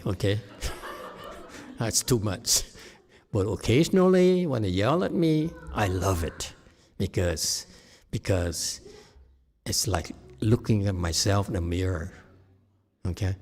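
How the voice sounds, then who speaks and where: A man teaching as a meditation master in a dharma talk, shifting from quiet murmurs to loud, laughing exclamations. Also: low-pitched, slow, long pauses. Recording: long hall reverb.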